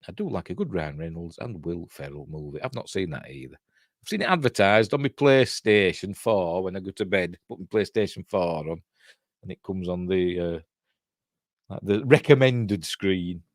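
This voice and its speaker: A man's voice: deep voice, lively intonation, moderate pace, dry recording, studio quality. A middle-aged man with a Yorkshire accent, rambling through a casual film breakdown and answering viewers' chat. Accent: Yorkshire English. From Yorkshire, England. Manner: rambling, chatty, reads and answers live chat. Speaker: host.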